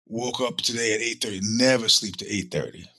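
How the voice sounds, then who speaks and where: Middle-aged guy with a cold, husky and bright, rambling on and swearing, dry close sound. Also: on the low side, brisk, no echo. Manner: rambling, profane storytelling with acted-out quotes. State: sick with a cold. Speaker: podcast host. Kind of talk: casual monologue.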